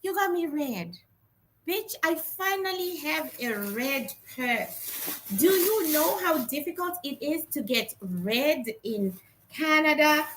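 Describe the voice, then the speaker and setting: A woman in her thirties from Africa, chatting excitedly while unboxing gifts in a casual vlog. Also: sits high, takes it slowly, a little hiss or hum. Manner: excitable, exclaims often, chatty. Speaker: vlogger.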